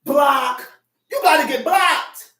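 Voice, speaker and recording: Man, high voice, religious teacher, emphatic, shouted bursts, casual street talk, distant mic. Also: slow. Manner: streetwise, conversational. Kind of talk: Sabbath teaching to a small group. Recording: echoey room, distant mic.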